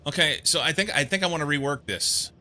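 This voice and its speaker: A man's voice: a little high, fairly quick, pushed and bright. A man casually commenting on his game as he plays, rambling and amused, thinking aloud. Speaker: gameplay streamer.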